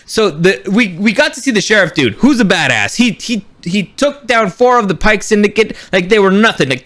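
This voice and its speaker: High bright-voiced male reviewer. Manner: swears freely, acts out scenes in quick paraphrase; animated fan enthusiasm. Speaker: show reviewer. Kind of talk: casual excited review monologue.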